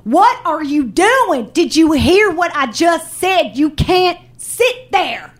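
A snappish female flight attendant who scolds in short, clipped lines, as a woman storyteller puts her on. The voice dips lower than the teller's usual register and sounds cold and dismissive. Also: lively intonation, normal speed. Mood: shrieking. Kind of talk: live storytelling.

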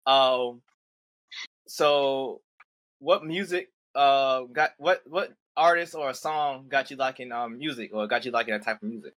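A man's voice: medium pitch, a little slow, a bit bright. A man hosting a casual interview podcast, laid-back and hesitant, with lots of fillers as he asks questions. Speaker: podcast host.

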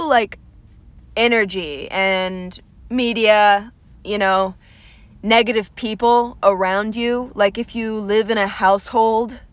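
A woman's voice: medium pitch, dry recording. Rambling young woman comedian, dry close sound. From Atlanta. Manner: rambling, self-deprecating, swears casually. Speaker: comedian and podcast host. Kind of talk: casual solo podcast monologue. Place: small room at home, lights went out.

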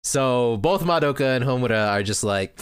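A man's voice: medium pitch, expressive, moderate pace, clear, resonant tone, no echo, clean studio sound. A man chatting casually and recapping an anime show as a podcast host, laughing often.

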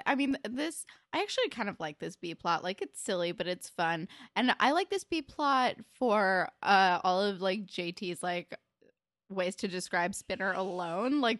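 A woman in her twenties co-hosts a casual podcast, talking eagerly and loosely with plenty of fillers and the odd curse. Her voice sits at an ordinary middle pitch. The recording is dry and close. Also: animated, measured pace, fairly bright tone, dry recording. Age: 20s. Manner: enthusiastic, chatty, frequent "like" fillers and swearing. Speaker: podcast co-host. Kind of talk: casual recap chat.

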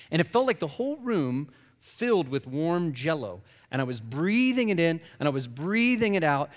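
A man tells a personal faith testimony with a lively voice that swings high and low, acting out his own words as he goes. He sits a little high in pitch, and his voice carries a long hall reverb. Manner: animated storytelling, acts out his own past lines. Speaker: guest speaker.

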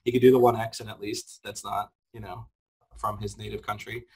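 Husky-voiced man in casual podcast chat. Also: on the low side, fairly quick. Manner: animated, laughs often, many fillers. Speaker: podcast co-host. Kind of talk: casual chat reviewing a film.

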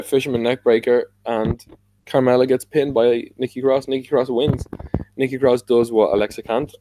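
Podcast host, Irish man, low voice, casual rambling recap. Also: a little mellow, no echo, poor audio. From Ireland. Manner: rambling, many fillers and restarts.

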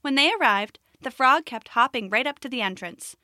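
A woman narrating a children's story in a gentle, expressive way. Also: high-pitched, moderate pace, hardly any pauses, no echo, clean studio sound.

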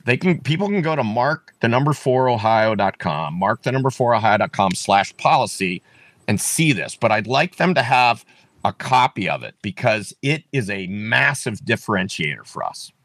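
A man's voice: mid-range voice, very animated, moderate pace, a bit bright. A man running for office, talking emphatically in an interview and repeating his points with many restarts. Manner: emphatic, repetitive, restarts often. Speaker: political candidate. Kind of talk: campaign interview talk.

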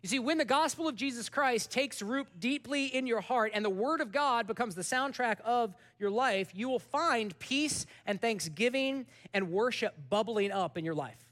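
High-voiced pastor, lively conversational sermon. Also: male voice. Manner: conversational, animated storytelling with sudden soft drops.

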